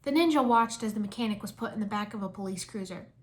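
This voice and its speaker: A woman reading a fan fiction story aloud in a lively storytelling manner. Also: mid-range voice, fast.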